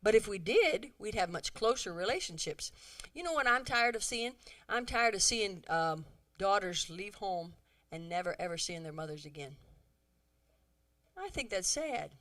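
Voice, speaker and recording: A middle-aged woman giving a humorous talk to a church audience, animated and chatty, acting out bits of dialogue. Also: medium pitch, normal speed. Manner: animated, acts out quoted dialogue, chatty asides. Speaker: women's conference speaker.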